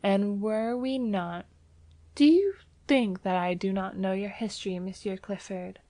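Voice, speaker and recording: A woman's voice: medium pitch, unhurried, warm tone, no room sound, lightly acted. A woman voicing a teasing young Parisian woman. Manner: teasing, lightly sarcastic.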